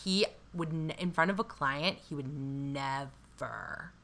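A woman co-hosting a casual show recap, animated and swearing freely with quick asides. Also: low-pitched, creaky, slight background noise. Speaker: podcast co-host.

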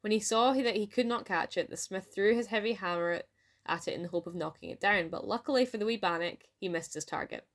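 A woman with a Scottish accent narrating a folk tale aloud in a lively storytelling manner. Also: medium pitch, quick pace. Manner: lively read-aloud with voiced dialogue.

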